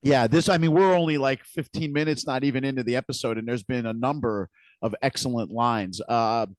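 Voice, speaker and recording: A man's voice: mid-range voice, brisk, no room sound. A man co-hosting a podcast, casually retelling scenes with frequent restarts and repeated words. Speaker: podcast co-host. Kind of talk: casual recap chat.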